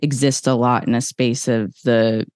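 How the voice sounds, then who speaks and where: A woman's voice: extremely low pitch, fairly even intonation, moderate pace, a little mellow, clear, resonant tone, no room sound, studio quality. A woman hosting a podcast in casual conversation, candid and blunt, swearing freely. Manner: candid, swears freely, mimics voices in stories. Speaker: podcast host.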